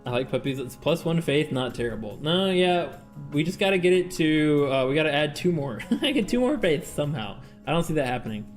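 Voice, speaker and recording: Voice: mid-range voice, expressive, fairly quick, soft background music. A streamer chatting casually with viewers during a game, laughing often and reading game text aloud. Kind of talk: casual live-stream gameplay chat.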